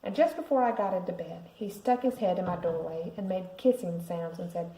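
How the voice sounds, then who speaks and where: Expressive mom reading a picture book. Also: female voice, lowish voice, a little fast. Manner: expressive storytelling. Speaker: parent reading to a class. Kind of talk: picture book read-aloud. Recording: roomy echo.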